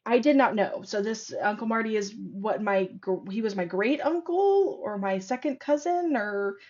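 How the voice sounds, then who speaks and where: A woman's voice: mid-range voice, moderate pace. A woman guest on a podcast tells her stories with animation, scattering fillers as she speaks. Her voice sits in a middle range, and the recording sounds slightly dull and lo-fi. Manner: animated storytelling, frequent fillers. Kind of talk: casual conversational interview.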